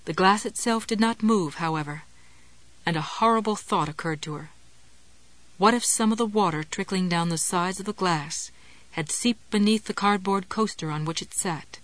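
A woman's voice: medium pitch, normal speed, no echo. A woman narrating, dry and close. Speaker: audiobook narrator. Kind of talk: scripted narration.

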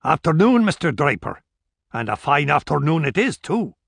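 A man's voice: fairly high pitch, sing-song, moderate pace, creaky, fairly bright tone, breathy edge, dry recording, clean studio sound, full character voice. A man voicing a friendly male innkeeper, folksy and deferential, in an audiobook. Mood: cheerful.

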